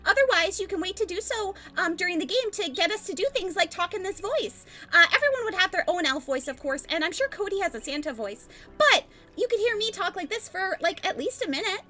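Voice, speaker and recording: A woman's voice: extremely high pitch, sing-song, brisk, hardly any pauses, sharp tone, faint music behind, voice pushed up, heavily acted. Woman putting on a sing-song Christmas elf. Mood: perky. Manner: sing-song, relentlessly cheerful. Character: chirpy female Christmas elf worker.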